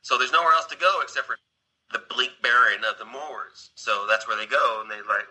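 A man's voice: mid-range voice, moderate pace, pushed and bright, breathy edge, poor audio. A man casually retelling a film scene, rambling along with restarts and asides to his listener. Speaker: storyteller.

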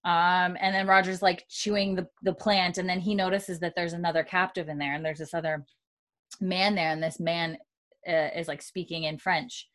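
Low-voiced woman, casual podcast co-host, rambling recap full of fillers. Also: level tone, moderate pace, a bit bright. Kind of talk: casual chat.

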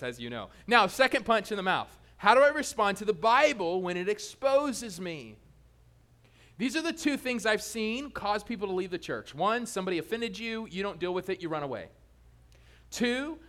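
A male pastor preaching a sermon in a lively, joking way, teasing his congregation. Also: a little high.

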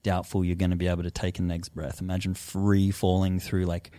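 Animated, foul-mouthed male podcast guest. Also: sits low, brisk, no echo, studio quality. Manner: animated, swears often, acts out his own past thoughts. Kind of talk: casual storytelling conversation.

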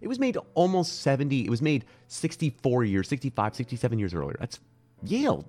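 A man's voice: medium pitch, big pitch swings, fast talker, dark tone. A man co-hosting a casual chat podcast, joking and ranting with mock outrage and rambling asides. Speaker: podcast co-host.

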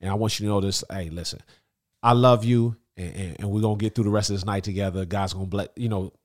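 A man in his thirties, a former radio host, telling stories in a casual chat, animated, with many fillers and restarts. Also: on the low side, quick pace.

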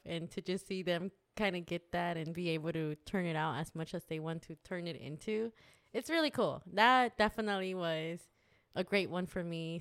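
A woman with a slightly low voice, chatting casually and rambling through her stories. She laughs often and talks warmly about her experiences. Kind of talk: casual chat.

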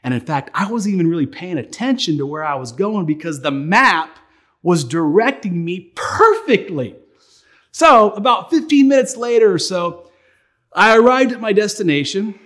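A male pastor with a high-pitched voice, animated as he tells a story from the pulpit. He often repeats words as he speaks, and he moves from the story into reading scripture. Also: normal speed. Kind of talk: sermon with personal storytelling.

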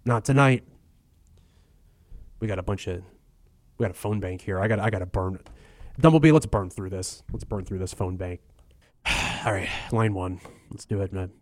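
A man's voice: low-pitched, normal speed, pauses often. A man hosting a comedy call-in radio show who stammers, grumbles and talks openly angry.

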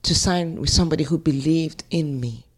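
A woman's voice: deep voice, moderate pace. A middle-aged woman with a Nigerian accent, telling stories as an interview guest and acting out quotes. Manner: animated storyteller who scats and acts out quotes. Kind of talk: conversational interview storytelling.

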